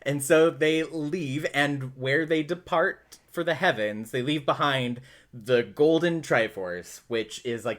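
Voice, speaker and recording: A man's voice: medium pitch, a bit bright. A man co-hosting a casual podcast, explaining lore with frequent laughs and fillers. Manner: giggly, storytelling, lots of fillers.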